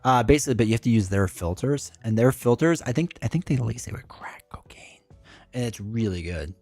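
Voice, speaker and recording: A man's voice: mid-range voice, animated, fast talker, a little mellow, no room sound. A man streaming live, chatting casually and answering his chat in a rambling way.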